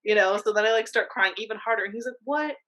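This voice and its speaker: A young woman co-hosting a podcast, telling a story in casual chat, animated, swearing freely, with lots of filler words. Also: mid-range voice, very fast, rough recording. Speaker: podcast co-host.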